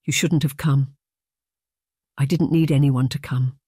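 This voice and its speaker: A man voicing a frail, sharp-tempered elderly aunt in an audiobook, in a high, snappish voice. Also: fairly even intonation, measured pace, husky, dry recording, studio quality. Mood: weary. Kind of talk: audiobook character reading.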